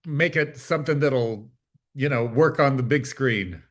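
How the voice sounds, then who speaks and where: A man's voice: mid-range voice, unhurried. Modest, self-deprecating middle-aged man. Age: middle-aged or older. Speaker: film producer, interview guest. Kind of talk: casual interview chat. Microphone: video call.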